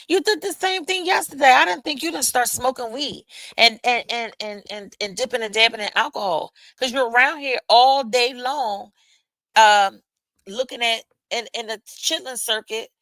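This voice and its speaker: A woman's voice: a little high, moderate pace, fairly bright tone, dry recording, low-quality recording. A woman hosting a live stream, chatting casually with viewers in a loose, profane way with laughing asides. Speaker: livestream host.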